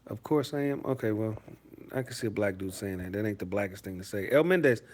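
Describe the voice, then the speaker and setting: A man's voice: on the low side, expressive, fast, darkish tone. A man from Detroit hosting a live stream, reading out chat messages and answering them in a rambling, profane, mocking way. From Detroit, USA.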